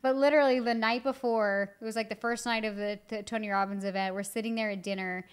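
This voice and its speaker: A woman's voice: a little high, steady tone, fast, clean tone. A woman co-hosting a podcast with her husband, telling a story in candid chat, full of "like" fillers. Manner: chatty storytelling with many "like" fillers. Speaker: co-host, wife of the other host.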